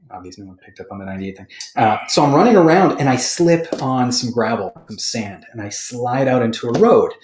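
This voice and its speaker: A man's voice: mid-range voice, reverberant. A man hosting a podcast, chatting casually and telling stories with plenty of laughs. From Boston area, USA. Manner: animated storyteller, laughs often. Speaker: podcast host. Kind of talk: casual chat.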